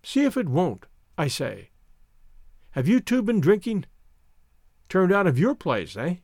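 A man's voice: high voice, wildly swooping pitch, measured pace, darkish tone, no echo, studio quality, heavily acted. A man reading the part of a battered young servant woman, bitter yet tender, in a whining, lamenting tone. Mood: tender coaxing. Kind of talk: audiobook character reading.

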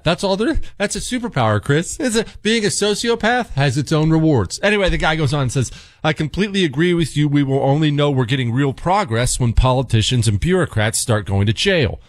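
A male talk radio host delivers blunt, fiery commentary on a studio mic. His pitch leaps and dips as he punches his points, and the sound is close and dry. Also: dry recording. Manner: emphatic, fiery and blunt, with rising outbursts. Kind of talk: talk radio commentary reading listener mail.

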